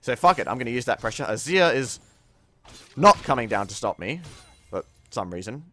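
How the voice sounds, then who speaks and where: A young man giving casual commentary over his own gameplay, laid-back and swearing freely with sudden excited outbursts. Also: medium pitch, normal speed, soft background music.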